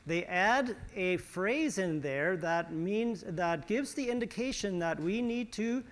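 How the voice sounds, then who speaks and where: Male pastor, high voice, chatty sermon delivery with restarts. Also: expressive, slow, a bit bright. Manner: conversational preaching with restarts and sarcasm.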